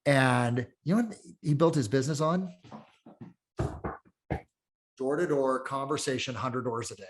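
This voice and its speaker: Middle-aged male real estate coach, mid-pitched, energetic storyteller who swears and acts out quotes in a casual chat. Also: measured pace.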